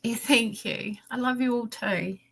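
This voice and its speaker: A woman's voice: a little high, fairly even intonation, a little slow, vocal fry, a bit bright, slightly rough. A woman on a livestream video call, chatting candidly and rambling, with frequent restarts and small laughs. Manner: rambling, restarts often, laughs, acts out her son's pleading. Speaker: livestream guest. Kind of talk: candid personal chat.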